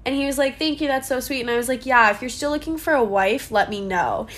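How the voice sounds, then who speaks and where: A woman with a high voice tells a story in a casual chat. She sounds excitable and gushing and giggles often. She is speaking from a hotel room. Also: fast. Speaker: co-host.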